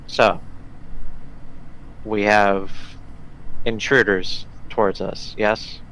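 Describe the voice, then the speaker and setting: A gracious noble lady, played by a man in his own low voice, caring and protective toward her friends. She speaks in an earnest, composed way at the table of a tabletop game. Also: flat delivery, very slow, fairly bright tone, a little hiss or hum, low-quality recording.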